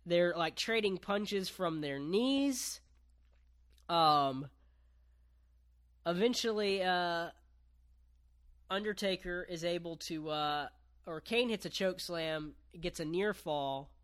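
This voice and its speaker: A man's voice: high-pitched, slow pace, long pauses, fairly bright tone. A man casually recapping a wrestling match on a podcast, laid-back, with lots of ums and casual swearing.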